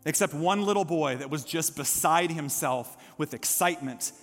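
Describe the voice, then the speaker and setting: High-voiced pastor preaching in a reverberant hall. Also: male voice, normal speed, fairly bright tone, faint music behind. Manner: impassioned, builds to calls for response. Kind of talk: sermon. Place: church sanctuary.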